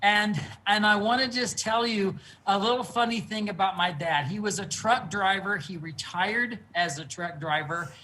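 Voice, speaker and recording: A man's voice: sits high, pushed and bright, a little hiss or hum, rough recording. Earnest man telling stories over a video call. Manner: earnest, unhurried storyteller. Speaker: guest quilt artist. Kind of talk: casual storytelling interview. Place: his quilting studio.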